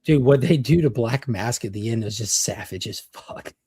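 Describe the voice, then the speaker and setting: A man's voice: medium pitch, normal speed, mellow, breathy edge, dry recording. Opinionated man on a dry-sounding panel. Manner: opinionated, swearing freely. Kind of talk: casual pop culture panel chat.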